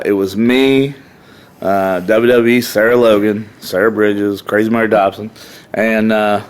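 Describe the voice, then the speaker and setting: A middle-aged man, a podcast guest telling rowdy, profane stories in a casual way. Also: fairly low pitch. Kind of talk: casual storytelling.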